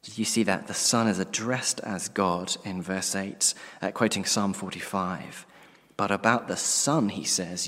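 Male preacher, low-pitched, earnest and emphatic, sermon delivery in a reverberant church hall. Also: steady tone, a little slow, fairly bright tone. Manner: earnest, emphatic, drops to a near-whisper at ends of phrases. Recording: long reverb of a large hall.

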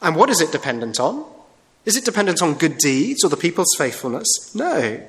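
A male preacher delivers an earnest sermon in a church. His voice is slightly high, and he slows down to lean hard on his key phrases. The words carry through a reverberant hall. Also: big pitch swings, a bit bright.

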